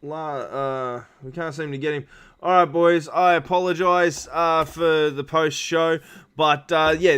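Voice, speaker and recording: A man's voice: medium pitch, a bit bright, clean tone. A man hosting post-race interviews on a live stream, rambling with lots of fillers and restarts. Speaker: stream host.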